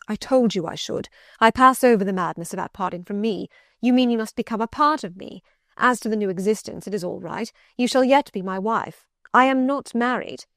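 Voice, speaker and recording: A woman reading an audiobook, voicing a passionate, brooding middle-aged gentleman who pleads and commands urgently. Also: medium pitch, dry recording, clean studio sound, natural voice.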